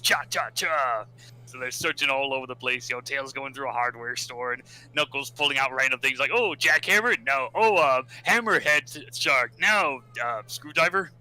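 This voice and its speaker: A man casually recapping a comic story on a podcast, rambling and laughing often, with brief squeaky character voices. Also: sharp tone, clear, resonant tone, low-quality recording. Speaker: podcast co-host summarizing a comic.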